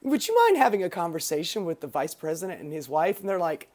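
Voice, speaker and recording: A woman's voice: lowish voice, sing-song, quick pace, darkish tone. A woman hosting a podcast of profane, sarcastic political commentary. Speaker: podcast host.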